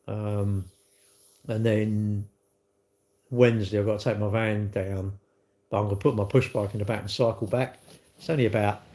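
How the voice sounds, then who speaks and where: A man's voice: medium pitch, a little mellow. A man hosting a casual live stream, rambling and blunt as he reads out viewer comments and laughs often.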